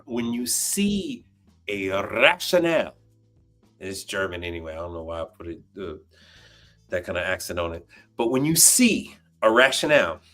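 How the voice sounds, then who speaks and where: A man's voice: low voice, brisk, fairly bright tone, faint music behind. A man hosting a livestream, ranting bluntly and swearing in casual talk. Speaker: livestream host. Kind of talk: casual profane rant.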